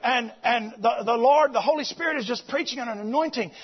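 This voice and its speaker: A man preaching, moving from shouted exclamations to hushed storytelling and repeating his phrases. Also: extremely high pitch, fairly quick, breathy edge, muffled recording. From United States. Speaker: visiting preacher. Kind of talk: sermon storytelling.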